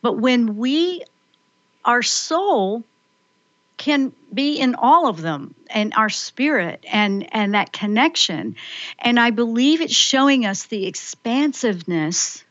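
Excitable woman hosting a spiritual call-in show. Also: fairly high pitch, slow, dry recording, highs cut off. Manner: excitable, rambling, acts out her own inner voice. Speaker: radio call-in show host. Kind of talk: spiritual call-in radio chat.

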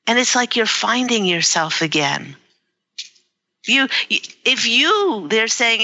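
A woman giving a live-streamed spiritual card reading, halting and emotional, with many fillers. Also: mid-range voice, pushed and bright. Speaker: psychic reader. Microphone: livestream device mic.

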